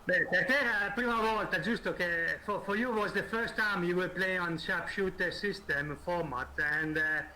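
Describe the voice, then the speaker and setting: A man's voice: high-pitched, sharp tone, slight background noise, poor audio. A man hosting a live-streamed interview, translating for the audience with many hesitations and fillers. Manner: halting, many fillers, switches between languages. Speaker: host and translator.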